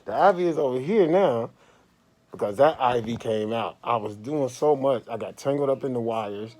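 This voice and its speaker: Man telling a wild story from a hospital bed. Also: moderate pace. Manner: animated, swings from low murmurs to loud outbursts. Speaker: vlogger. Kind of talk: casual storytelling to camera. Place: hospital room.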